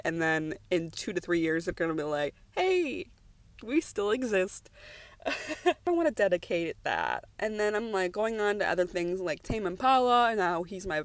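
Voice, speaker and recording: A woman's voice: mid-range voice, no echo. A young American woman recording a personal voice-over, rambling and emotional, with many restarts and filler words. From United States. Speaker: vlogger.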